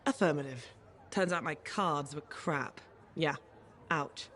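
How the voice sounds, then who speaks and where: An actor playing a careless, joking pilot who gambles, in video game dialogue. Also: female voice, low voice, slow pace, a bit bright, a little hiss or hum. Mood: breezy.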